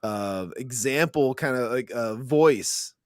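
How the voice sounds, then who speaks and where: A man's voice: medium pitch, slow, no echo. Joking man on a dry-sounding mic. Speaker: podcast co-host. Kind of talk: casual podcast chat.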